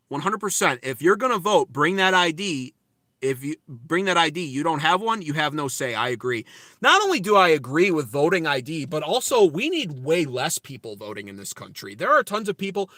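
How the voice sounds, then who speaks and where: A man's voice: fairly high pitch, sharp tone, dry recording, clean studio sound. Brash, profane man ranting to chat. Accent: American. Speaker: political livestream host. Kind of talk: livestream commentary reading chat. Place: inside a car.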